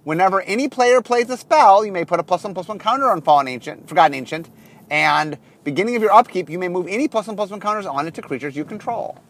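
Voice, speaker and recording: A man's voice: high-pitched, fast talker, few pauses. A man hosting a podcast, talking casually with many fillers while he drives, in a car. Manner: animated, rambling with many fillers. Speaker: podcast host. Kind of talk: casual monologue while driving.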